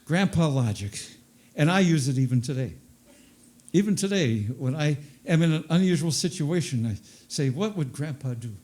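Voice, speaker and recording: A man's voice: on the high side, lively intonation, moderate pace, darkish tone. An older man performing a stand-up comedy routine, self-deprecating and fond of repeating his punchlines for effect.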